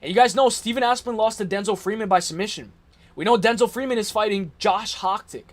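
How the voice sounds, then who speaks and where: A man hosting a casual live stream, making fight picks in slangy, excitable chat and reacting to his viewers' comments. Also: sits high, fairly quick.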